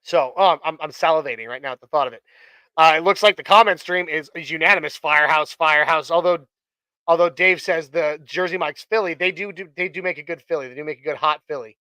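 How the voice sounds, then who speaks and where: Man, casual host chat, lots of fillers, high pitch, dry mic. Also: fast talker, bright, forceful tone, clean tone, dry recording, low-quality recording. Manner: chatty and rambling, many fillers and restarts. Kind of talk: casual chat on a live stream.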